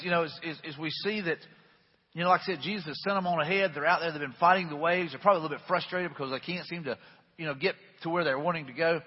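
A man's voice: on the high side, husky. A man preaching a sermon in a conversational way, with fillers and restarts. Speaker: pastor. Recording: dull echoey hall.

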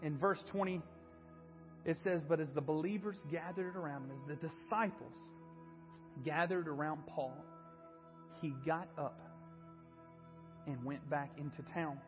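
A man's voice: a little high, measured pace, pauses often, in a large hall, muffled recording, over music. A man preaching a sermon in a church and sharing an earnest personal testimony. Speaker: pastor. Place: church sanctuary.

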